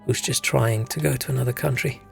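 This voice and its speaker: A young man with a gravelly edge rambles through a story between game moments, dropping swear words. His voice sits at an ordinary middle pitch, and soft game music plays underneath. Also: fairly even intonation, fairly quick. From South Africa. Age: young adult. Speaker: game streamer. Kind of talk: casual chat while gaming.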